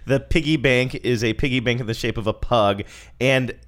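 A man's voice: medium pitch, moderate pace, fairly bright tone. A man co-hosting a podcast, chatting casually and laughing often as he talks over an ad. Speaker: podcast co-host. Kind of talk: casual chat.

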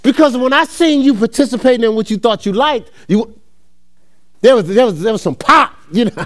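A man's voice: extremely high pitch, expressive, moderate pace. A middle-aged man from New Jersey preaching a sermon as a laid-back story, laughing often and calling the crowd y'all. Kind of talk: sermon with personal stories.

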